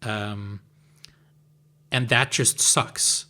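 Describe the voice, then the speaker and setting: A man's voice: on the low side, fairly even intonation, very slow, pushed and bright. A man co-hosting a podcast, rambling casually with many fillers. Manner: rambling, lots of "like" and "um". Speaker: podcast co-host. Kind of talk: casual chat.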